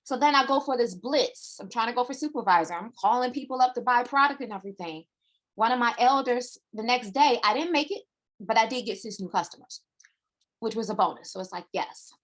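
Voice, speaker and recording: A woman hosting a live morning chat show, telling a personal story in a chatty, animated way and acting out what others said. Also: on the high side, fairly quick. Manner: chatty, animated, acts out quoted voices. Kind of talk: casual live-stream storytelling.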